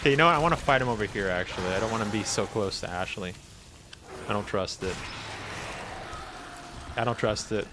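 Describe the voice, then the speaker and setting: A young man streaming a game, excitable and laughing often as he talks to the characters on screen and reacts to chat. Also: fairly low pitch, a little fast, pauses often. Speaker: gaming streamer. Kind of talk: casual live-stream commentary. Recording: clear background noise.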